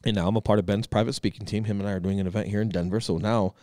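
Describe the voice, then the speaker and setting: Fast-talking deep-voiced man, emphatic. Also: dry recording, studio quality. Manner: energetic, emphatic, swears freely. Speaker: podcast co-host. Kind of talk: casual podcast chat.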